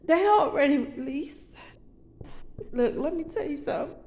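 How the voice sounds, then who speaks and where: A woman's voice: high voice, animated, moderate pace, a little mellow. A woman vlogging in a rambling, profane confessional monologue that turns to preaching, with sudden outbursts and stumbling restarts.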